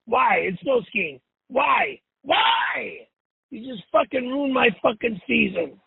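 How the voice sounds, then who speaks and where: A man's voice: very high-pitched, expressive, moderate pace, vocal fry, breathy edge, no echo. A man leaving an angry, profane voicemail from his car, cursing and repeating himself. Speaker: show host. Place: driving in a car. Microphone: phone. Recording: tinny phone voicemail.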